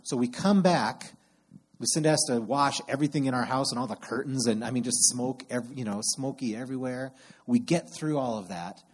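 A middle-aged man preaching a sermon, telling animated personal stories and acting out his exasperated outbursts. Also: medium pitch, brisk, slightly rough. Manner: animated storyteller who acts out exasperated outbursts. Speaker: camp program director preaching.

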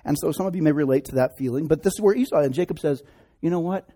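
A man's voice: on the high side, rapid-fire, warm tone, breathy edge. A man preaching a sermon, retelling a scripture story conversationally with joking asides. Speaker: pastor.

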